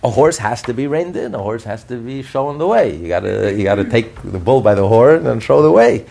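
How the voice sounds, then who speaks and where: A man, a rabbi, preaching a sermon with animated, repetitive emphasis and storytelling. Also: mid-range voice, fairly quick, vocal fry.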